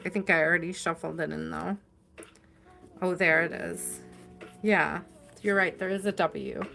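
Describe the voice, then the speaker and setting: A woman hosting a live tarot reading, talking to her viewers in a chatty, affectionate way and stretching out the words she stresses. She sounds tired and keeps yawning as she goes on. Soft music plays faintly behind her. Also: lowish voice, fairly even intonation, vocal fry. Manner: chatty and affectionate, drawn-out stresses, frequent laughs. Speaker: tarot reader.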